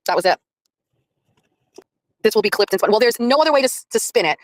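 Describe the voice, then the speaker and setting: A chatty woman tells her viewers a story at a fast clip, replaying each line of the conversation in quotes. Her voice sits close and dry, with no room around it. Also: fairly high pitch, expressive, dry recording, rough recording. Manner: chatty, retells by acting out quotes, laughs often. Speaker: streamer covering a court trial.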